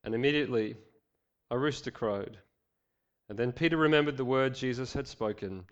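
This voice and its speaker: Man, pastor giving a sermon, animated scripture reading, mid pitch, dull lo-fi sound. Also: moderate pace, clean tone. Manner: animated reading with voiced quotes, joking asides.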